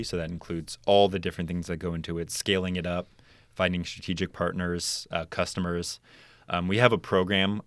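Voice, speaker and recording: Deep-voiced young man explaining chemistry. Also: dry recording. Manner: explanatory, many ums and likes. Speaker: podcast guest, chemical engineer. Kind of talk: casual interview talk.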